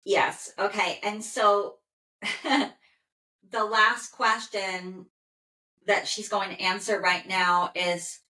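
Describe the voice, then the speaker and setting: A woman working as an animal communicator, calmly relaying a dog's messages in first person and pausing often with "okay". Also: mid-range voice. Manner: calm, soothing, with frequent "okay" pauses. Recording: roomy echo.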